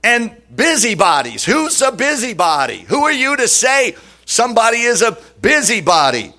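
A man's voice: high voice, sing-song, slow, pushed and bright, exaggerated voice. A man voicing an offended modern churchgoer who huffs and fires back incredulous, mocking questions. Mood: indignant.

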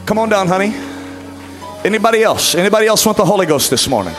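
A man leading an altar call in church, urging people forward and then praying aloud in rising, fervent shouts. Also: high-pitched, very animated, fast talker. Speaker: pastor. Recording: music playing behind.

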